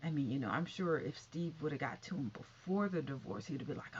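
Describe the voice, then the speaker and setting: A woman's voice: sits low, lively intonation, brisk, few pauses, darkish tone. A woman vlogger giving sassy casual commentary, calling listeners honey and baby. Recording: dull lo-fi recording with faint noise.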